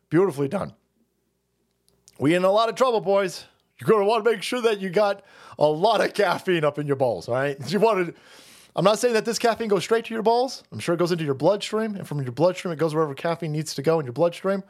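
A man's voice: sits high, fast. A male streamer giving crude, mocking, profane ranting commentary, laughing often.

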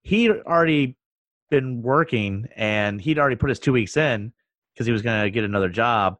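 A man with a mid-range voice chats easily on a podcast, relaxed and quick to joke. The sound is dry and close, with no room around it. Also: mid-range voice, no room sound. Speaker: podcast co-host, father of a teenager. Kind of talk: casual chat.

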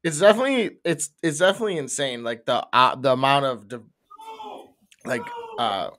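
A man's voice: mid-range voice, animated, normal speed, fairly bright tone. A young man co-hosting a podcast, telling rambling stories in casual chat and swearing often. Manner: swears a lot, rambling storyteller. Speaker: podcast co-host.

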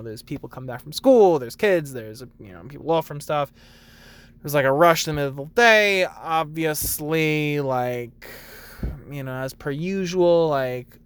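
Chatty young man with a smooth voice. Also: a bit bright. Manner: chatty, full of likes, acts out customers in a high sing-song voice. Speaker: barista vlogger. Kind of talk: casual rambling monologue.

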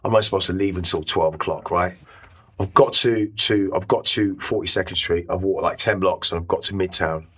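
A man's voice: sits low, steady tone, moderate pace, a bit bright, breathy edge. A middle-aged man, a podcast guest, telling an emotional story in a rambling way, with many restarts and casual swearing. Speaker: interview guest.

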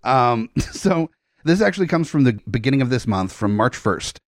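A man's voice: mid-range voice, big pitch swings, moderate pace, no room sound, clean studio sound. A man co-hosting a casual comedy podcast, reading out a police report with joking asides. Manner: joking, reads a news story aloud with asides. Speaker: podcast co-host.

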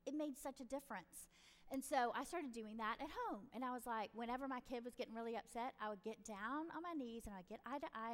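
A middle-aged woman giving parenting advice in a chatty, animated storytelling way. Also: high-pitched. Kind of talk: casual advice talk. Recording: reverberant room.

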